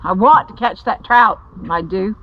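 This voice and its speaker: A woman's voice: mid-range voice, unhurried, crowd noise. A woman bantering in a fussy, mock-angry way while paddling a kayak on a creek. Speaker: fishing video creator. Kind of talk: casual banter while fishing. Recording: muffled outdoor camera audio with water noise. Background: water and boat noise.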